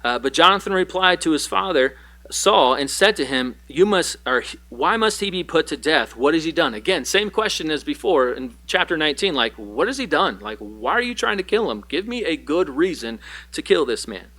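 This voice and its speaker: A male pastor teaching a Bible passage in a sermon, joking and animated, with quick asides and playful voices for the characters. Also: a little high. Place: church.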